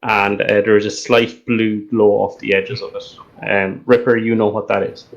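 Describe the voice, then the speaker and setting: A man running a tabletop game as dungeon master, narrating the scene in steady description with frequent ums and uhs. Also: fairly low pitch, normal speed, creaky, dull audio.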